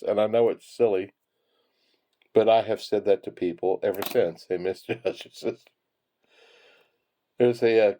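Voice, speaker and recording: A low-pitched, dark-toned male voice belongs to a penny-hoarding hobbyist. While he sorts coins, he spins rambling anecdotes in a casual way, chuckling throughout.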